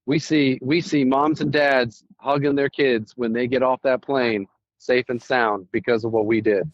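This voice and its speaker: A man's voice: medium pitch, fairly even intonation, moderate pace, no room sound. Storytelling male podcast host, dull dry sound. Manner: storytelling, acts out quoted dialogue. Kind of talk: casual conversation.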